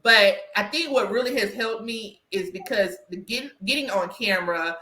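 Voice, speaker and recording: A woman with a Southern US country twang, hosting a podcast conversation in an animated, emphatic way that often checks in with "right?". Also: mid-range voice, normal speed, echoey room. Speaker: podcast host and career coach.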